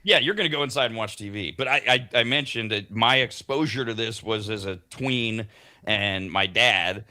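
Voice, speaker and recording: A man chats on a morning talk show, telling rambling stories full of restarts. His voice sits a little low, but its tone is strikingly bright and forceful. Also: normal speed. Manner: rambling, many restarts, chatty storytelling. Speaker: radio show host. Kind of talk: casual morning show chat.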